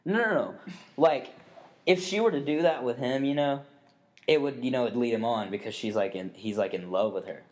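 A young man of medium pitch, talking at normal speed, co-hosts a relaxed podcast and tells a story. He rambles, curses often and fills his speech with fillers and restarts.

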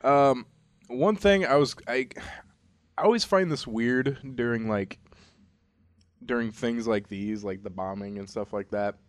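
A man's voice: medium pitch, a little slow, dry recording. A young man co-hosting a casual podcast, rambling and laid-back with lots of fillers. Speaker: podcast co-host. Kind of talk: casual chat.

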